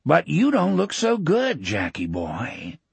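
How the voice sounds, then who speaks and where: A man doing a slow gloating villain. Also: wildly swooping pitch, creaky, breathy edge, no echo, heavily acted. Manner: slow, low and quietly taunting. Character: menacing sinister older male villain, gloating.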